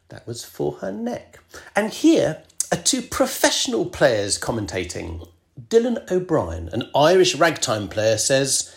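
A woman's voice: extremely low pitch, very animated, measured pace, creaky. A middle-aged woman hosting a scripted podcast, self-deprecating and prone to mock alarm. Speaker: podcast host.

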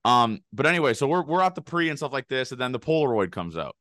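A man's voice: mid-range voice, very animated, a bit bright, no echo. A young man telling a rambling, laughing story on a casual podcast. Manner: rapid rambling anecdotes, laughing, swearing. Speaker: podcast co-host.

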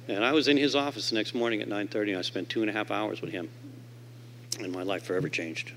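A man's voice: fast talker, slight background noise. A man speaking at a convention stage mic, telling his recovery story to the audience and acting out the voices of the people in it. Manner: animated storyteller who acts out quoted voices; swings from loud and emphatic to low and quiet.

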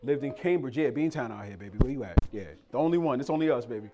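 A man's voice: medium pitch, fast talker, noisy background. A young man from Boston preaching, telling a humorous story and acting out the people in it. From Boston, Massachusetts. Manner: animated, playful, acts out quoted voices. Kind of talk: storytelling sermon.

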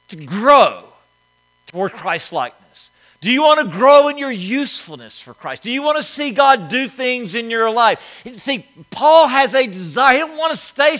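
A pastor preaching with a high, bright, ringing voice. He jumps from loud, pressing questions to hushed asides, giving the sermon lots of push and drop. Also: low-quality recording. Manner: emphatic preaching with sharp swings in loudness.

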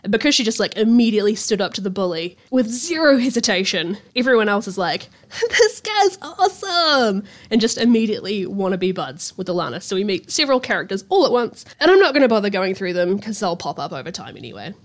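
A young woman hosting a casual book podcast, retelling the story in her own loose, chatty words. She swears freely and drops into quick voices for the characters as she goes. Her voice sits at an ordinary middle pitch. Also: expressive. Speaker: podcast host.

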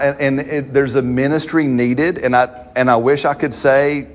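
Conversational pastor preaching. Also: male voice, mid-range voice, fairly even intonation, moderate pace, few pauses. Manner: conversational preaching, frequent "right?" checks. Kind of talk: sermon.

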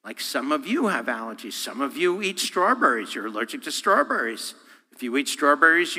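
A man, a guest speaker, preaching a sermon with animated, humorous delivery, acting out voices and quotes. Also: medium pitch, moderate pace. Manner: humorous, self-deprecating. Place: church sanctuary. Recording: long hall reverb.

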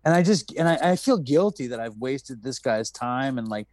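A man's voice: mid-range voice, moderate pace. A man from New York City hosting a podcast, telling a story in casual chat, acting out the people in it and swearing freely. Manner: animated storyteller, acts out quotes, swears freely. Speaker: podcast host.

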